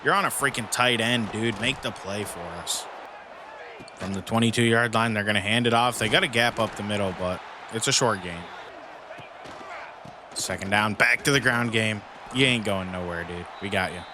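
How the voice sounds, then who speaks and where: A man's voice: lowish voice, noisy background. A man casually commenting on his own football video game, often venting and frustrated at his team, with mild cussing. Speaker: gaming YouTuber playing a football dynasty mode.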